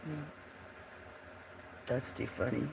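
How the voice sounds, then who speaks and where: A giggly host chats loosely while drawing on a livestream, breaking into laughter often and leaving sentences unfinished. The talk is slow and drawn out, with a faint hiss of room noise underneath. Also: medium pitch, steady tone, creaky. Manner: trails off mid-sentence. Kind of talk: casual chat while drawing.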